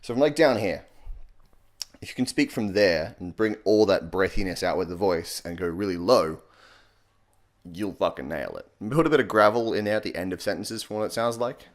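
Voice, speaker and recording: A young man hosting a comedic voice tutorial, sarcastic and deadpan, swearing casually. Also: fairly low pitch, fairly quick, few pauses. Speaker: comedy YouTuber.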